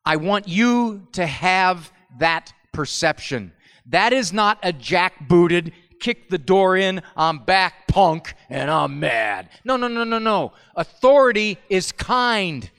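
Animated male speaker in a reverberant hall. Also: sits high, takes it slowly, clear, resonant tone. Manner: animated storyteller, acts out family voices. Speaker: speaker at a parenting talk. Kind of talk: humorous live talk.

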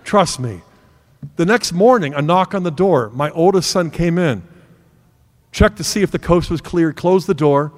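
A man's voice: a little high, normal speed. A middle-aged man giving a sermon-style talk, telling a family story in an earnest way and acting out the dialogue. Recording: long hall reverb.

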